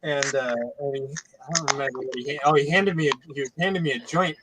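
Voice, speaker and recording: A man's voice: on the high side, fast talker, noisy background. A man chatting as a guest on a livestream, telling rambling stories full of swearing. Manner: rambling storyteller, swears a lot. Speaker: stream guest. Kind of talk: casual chat.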